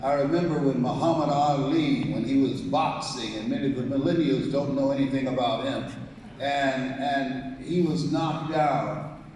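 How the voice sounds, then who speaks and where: Recorded from afar in an echoey hall full of people, a man gives a live motivational speech at normal speed. With a mid-range, slightly mellow voice, he narrates a story, performs its dialogue, and calls on the audience to echo him amid slight background noise.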